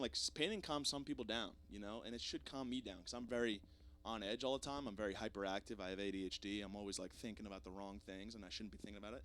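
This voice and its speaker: A young man hosting a podcast, rambling through a jokey, self-deprecating solo monologue with plenty of swearing, swinging between loud bursts and mumbled asides. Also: on the low side, fast, few pauses. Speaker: podcast host.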